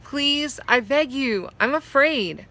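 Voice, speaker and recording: A woman's voice: mid-range voice, expressive, measured pace, fairly bright tone. A woman voicing a headstrong young girl who cries out urgently. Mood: begging. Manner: urgent, exclamatory.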